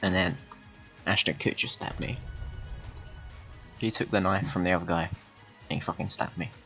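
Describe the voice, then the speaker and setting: A man rambling through an absurd, deadpan story with frequent swearing while commentating on a game. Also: deep voice, moderate pace, gravelly, soft background music. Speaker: gaming video host. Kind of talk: rambling comedic gameplay commentary.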